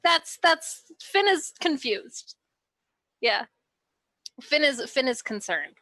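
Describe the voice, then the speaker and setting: A woman's voice: sits high, very animated, slow, pauses often, sharp tone, no room sound, poor audio. A woman playing a tabletop game, chatting and narrating her character in a casual, musing way.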